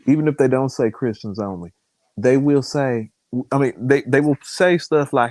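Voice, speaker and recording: A man co-hosting a podcast, talking in a relaxed, rambling way, restarting his sentences often in casual opinion chat. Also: mid-range voice, measured pace, no room sound. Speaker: podcast co-host.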